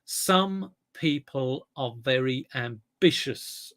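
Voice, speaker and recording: A man's voice: mid-range voice, animated, moderate pace, a bit bright. A man hosting a casual livestream, reading chat comments and rambling with lots of restarts and fillers. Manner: rambling, self-correcting, chatty.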